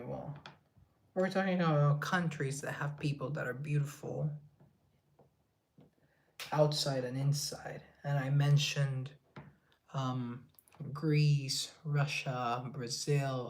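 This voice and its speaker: A young man from Colombia, talking casually to his viewers on a live stream at home. He rambles, greets people by name, and pokes fun at himself in an easygoing, mid-pitched voice. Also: steady tone, slow. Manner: rambling, self-deprecating, chatty with viewers. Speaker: livestreamer and musician.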